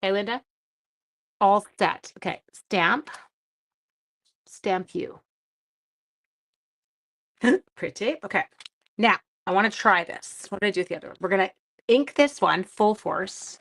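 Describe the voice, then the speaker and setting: A woman's voice: mid-range voice, animated, measured pace, gravelly, long pauses, a bit bright. A woman hosting a live card-stamping tutorial, chatting and answering viewer comments as she works, with a chatty, self-deprecating manner. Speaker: papercraft demonstrator hosting a livestream.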